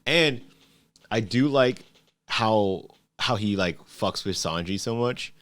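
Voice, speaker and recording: Laid-back low-voiced man swearing freely. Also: expressive, slow pace, fairly bright tone. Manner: swears a lot, laughs, acts out quotes. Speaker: podcast co-host. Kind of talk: casual chat ranking anime characters.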